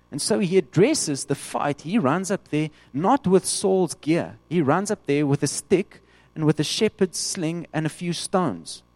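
A man preaching a sermon, animated, acting out the voices of the people he quotes. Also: a little high, dry recording.

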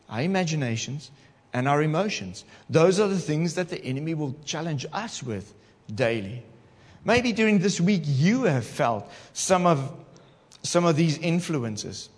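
A male pastor preaching a sermon in an animated way, talking straight to his congregation in church. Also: fairly high pitch, breathy edge, long reverb tail.

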